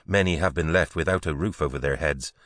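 A man voicing a soft-spoken, worried medieval peasant wife. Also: very deep voice, brisk, no echo, studio quality. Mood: hushed. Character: anxious medieval peasant wife, young mother.

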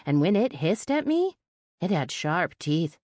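A woman's voice: lowish voice, big pitch swings, unhurried, darkish tone, dry recording, clean studio sound. A woman voicing a wary, blunt storage-facility owner with a folksy, suspicious way of talking, in an audiobook. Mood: shaken. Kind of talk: audiobook character voice.

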